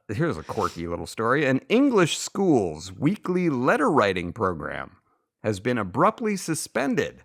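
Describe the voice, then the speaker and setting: A man's voice: medium pitch, vocal fry. Podcast co-host guy reading jokes, bouncy up-down voice, cracks himself up. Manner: laughs at his own jokes; lively up-and-down delivery. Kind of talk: reading topical joke headlines.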